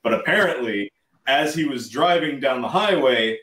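A man's voice: mid-range voice, lively intonation, normal speed, fairly bright tone, reverberant, far from the mic. A man, a guest from a band, recounting a story in a casual, rambling way and laughing as he goes.

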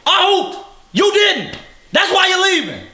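A man playing a cocky male basketball star who yells at and mocks his teammates in a comedy sketch. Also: extremely high pitch, wildly swooping pitch, a little slow, exaggerated voice. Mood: angry. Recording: echoey room.

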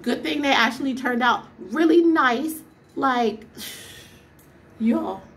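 Young woman vlogger, fairly high voice, exasperated storytime rant full of rhetorical questions. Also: takes it slowly, a bit bright.

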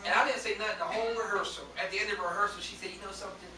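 A man preaching a sermon to a congregation that answers him, rising at times to shouts. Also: sits high, steady tone, rapid-fire. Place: church. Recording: echoey church, distant mic, faint hiss.

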